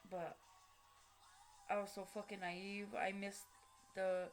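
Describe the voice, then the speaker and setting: Halting woman telling her story. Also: medium pitch, flat delivery, soft background music. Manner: halting, with many fillers and restarts; blunt, with casual swearing. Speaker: vlogger. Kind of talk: personal storytelling.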